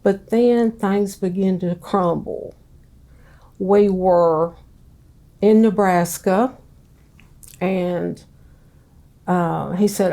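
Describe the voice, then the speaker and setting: A middle-aged woman, telling her own story in an interview in a plain, unhurried way. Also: mid-range voice, dark tone. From Southern US. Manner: slow, plain-spoken storytelling. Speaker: interviewee, ex-wife of a street preacher. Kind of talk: recounting her life in an interview.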